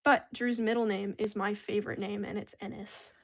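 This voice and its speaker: A woman's voice: mid-range voice, little pitch movement, normal speed, gravelly. A woman vlogging casually while she crafts, talking in a chatty, rambling way full of slang.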